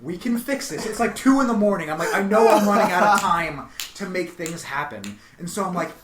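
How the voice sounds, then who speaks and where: Animated man telling a story in an echoey room. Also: high-pitched, fairly quick, a crowd in the background. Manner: animated, voice rises to near-shouts when quoting himself. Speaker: comedian guest telling a story. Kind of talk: casual podcast storytelling. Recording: echoey room with faint noise.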